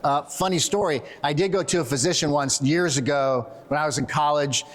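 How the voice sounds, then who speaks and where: A middle-aged man giving a conference talk, animated and joking, telling quick stories to make his points. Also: a little high. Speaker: conference presenter. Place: conference hall.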